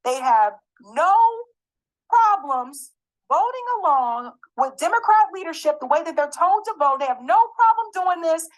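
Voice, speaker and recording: A woman's voice: very high-pitched, lively intonation, measured pace. A woman giving an angry, emphatic political commentary, swearing and repeating her points.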